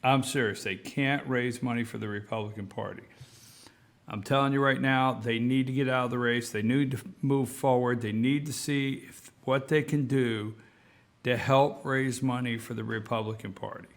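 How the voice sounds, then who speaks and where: A man's voice: mid-range voice, normal speed. A man hosting a talk show, giving casual political commentary and repeating himself for emphasis. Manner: animated, repeats himself for emphasis, addresses folks.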